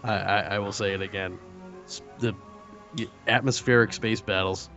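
A man's voice: fairly low pitch, fairly even intonation, moderate pace, a bit bright. A man in a casual group chat about films, eager and joking. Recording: dull lo-fi sound, music behind.

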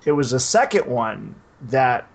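Man, mid-pitched, rambling podcast co-host, halting with lots of "uh". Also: very animated, vocal fry. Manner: hesitant, many restarts and "uh". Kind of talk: casual podcast chat.

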